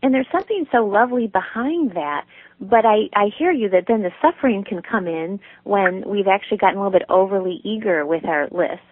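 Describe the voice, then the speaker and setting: Gentle-voiced woman guest on a phone line. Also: medium pitch, lively intonation, brisk, dry recording. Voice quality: gentle, nurturing tone. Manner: warm storytelling, laughs easily. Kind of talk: conversational interview.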